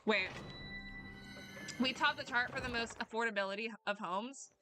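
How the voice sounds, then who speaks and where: Her voice is fairly high and moves at a normal speed as this US streamer plays a video game. She rambles, swears offhandedly, laughs, and responds to her chat, all over the game's background music.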